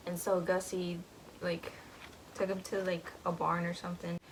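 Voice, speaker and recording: A woman's voice: lowish voice, flat delivery, normal speed, slight background noise, rough recording. A young woman casually retelling a book's plot, rambling with lots of fillers and giggles. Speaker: book vlogger.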